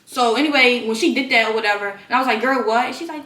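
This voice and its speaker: A young woman telling a storytime in blunt, profane, animated casual chat, recorded in a shared bedroom. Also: on the high side, fast talker. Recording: roomy, distant mic.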